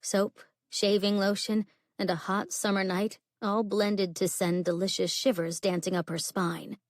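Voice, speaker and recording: A woman's voice: mid-range voice, little pitch movement, a little slow, no echo, clean studio sound. Woman narrating a romance audiobook. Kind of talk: scripted narration.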